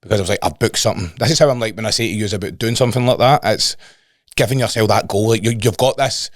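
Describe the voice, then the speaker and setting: A Scottish man with a lowish voice tells stories at a quick clip in casual chat, swearing and circling back on his words. The sound is dry and close. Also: no room sound. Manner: rambling storyteller, swears, repeats himself. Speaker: fitness coach and podcast co-host.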